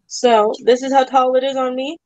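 A woman's voice: high-pitched, little pitch movement, normal speed, mellow, dry recording, muffled recording. A woman hosting a live online sale in casual chat, laughing often as she talks. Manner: giggly, laughs often while talking.

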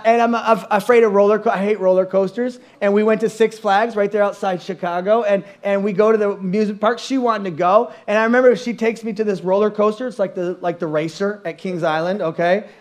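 A middle-aged man, a pastor telling stories in a sermon, animated and self-mocking, acting out voices and sounds. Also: high-pitched. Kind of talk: storytelling sermon. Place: church stage.

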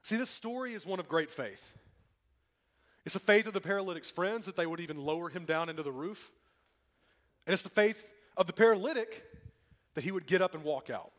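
A man delivers a church sermon in a high, bright-sitting voice. His pitch leaps and falls with great animation. He pushes key lines out loud and then sinks to a near hush for effect. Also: brisk, pauses often. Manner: lively preaching with dramatic drops to a hush. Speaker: pastor. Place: church sanctuary.

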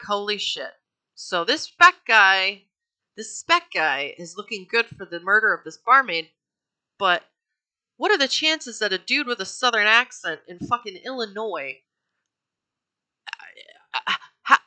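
A woman's voice: medium pitch, big pitch swings, unhurried, pauses often, bright, forceful tone. A woman casually telling a true crime story, chatty and profane with wry asides. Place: home.

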